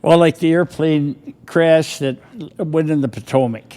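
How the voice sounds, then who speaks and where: A man's voice: fairly high pitch, unhurried, warm tone, big-room sound. An older man, a podcast guest, telling rambling stories from his past with a chuckle now and then. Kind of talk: casual storytelling.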